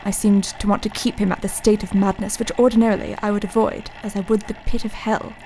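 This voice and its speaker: A woman playing a young male asylum doctor in a radio play, reading his journal in a measured, introspective way. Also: mid-range voice, little pitch movement, darkish tone, slight background noise, close to an everyday voice, low-quality recording. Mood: brooding.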